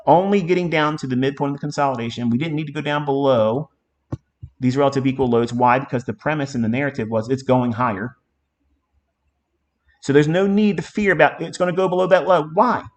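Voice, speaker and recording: A middle-aged man teaching a live trading lesson in an emphatic, profane way, with a lot of repetition. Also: a little high. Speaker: trading mentor.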